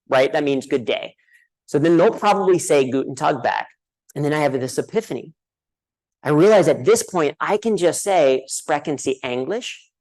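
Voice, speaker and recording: A man's voice: on the high side, low-quality recording. Man telling jokes in a keynote speech. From United States. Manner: storytelling with self-deprecating jokes and frequent "right?"; addresses a live audience directly. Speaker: conference speaker. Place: conference hall.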